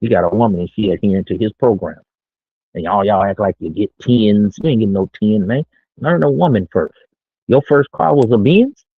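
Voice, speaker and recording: A man's voice: lowish voice, brisk, slightly rough, dry recording. A middle-aged man streaming from his own small studio, talking brash, boastful, slangy street talk in a casual monologue. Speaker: streamer giving dating talk. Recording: tinny phone-like line.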